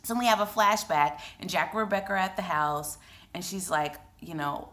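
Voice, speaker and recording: A woman casually chatting through a TV episode recap, retelling scenes in an emotional, animated way with lots of fillers. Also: on the low side, normal speed. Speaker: TV recap vlogger.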